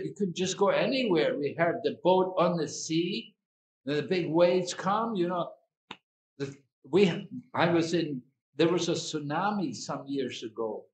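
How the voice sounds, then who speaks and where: A man giving an evening sermon as a swami, speaking slowly and deliberately with repetitions and asides. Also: a little high, a little hiss or hum. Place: hall at an evening gathering. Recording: echoey hall.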